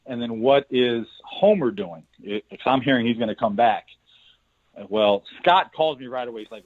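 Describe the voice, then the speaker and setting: A man's voice: medium pitch, expressive, moderate pace. A middle-aged man, a basketball coach, telling his career story in a casual interview, rambling and restarting his words. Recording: tinny phone-line sound.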